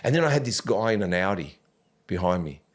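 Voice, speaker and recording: Animated man, podcast host. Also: deep voice, fairly quick. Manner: animated storyteller, swears casually, laughs often. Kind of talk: casual podcast chat.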